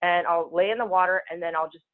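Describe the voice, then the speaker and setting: A woman speaking as a spiritual healer guest, talking very fast in casual, rushing speech over a telephone call-in. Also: lowish voice, fairly even intonation. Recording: tinny phone line.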